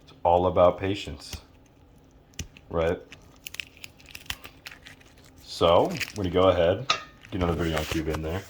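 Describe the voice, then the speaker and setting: A low-voiced home cook from Louisiana, USA, gives a casual cooking tutorial in his home kitchen, laid-back and profane with joking asides. Food sizzles in a pan, making the kitchen recording noisy with frying.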